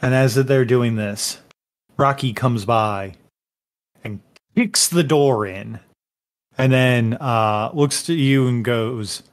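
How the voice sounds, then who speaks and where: Slow, halting male game master. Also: medium pitch. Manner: slow, halting, many uhs. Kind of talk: narrating a tabletop game.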